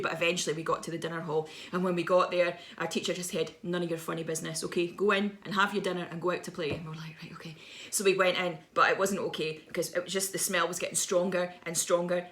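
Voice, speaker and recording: A woman's voice: on the low side, pushed and bright. A woman in her thirties, a visiting children's author, telling a playful, dramatic story to schoolchildren over a video message.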